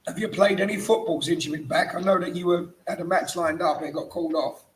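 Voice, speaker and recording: A man's voice: fairly high pitch, quick pace, poor audio. A tired man hosting a casual, banterous football chat podcast. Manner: chatty, banterous. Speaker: podcast host.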